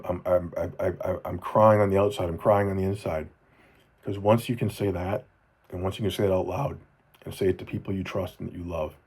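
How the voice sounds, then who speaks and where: A low-pitched man in his forties talks straight to camera for his kids in a personal video journal. His voice is dark and a bit husky, and he speaks earnestly, often falling soft and repeating phrases to drive them home. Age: 40s. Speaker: father speaking to his children.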